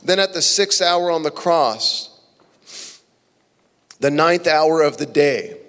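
A male pastor preaching a passionate sermon, swinging between loud emphasis and hushed, near-whispered phrases. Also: on the high side, expressive, slow. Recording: long reverb of a large hall.

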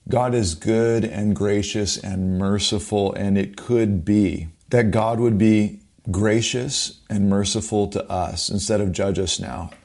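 A man's voice: lowish voice, fairly even intonation, takes it slowly, hardly any pauses, a little mellow. Fields: Sex: male. Role: preacher. Style: sermon. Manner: emphatic, urgent, repetitive.

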